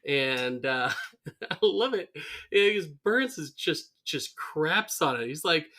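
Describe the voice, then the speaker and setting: A man co-hosts a podcast, chatting casually about a cartoon episode. His voice is on the high side and he speaks slowly. He's animated, acting out character quotes and laughing often.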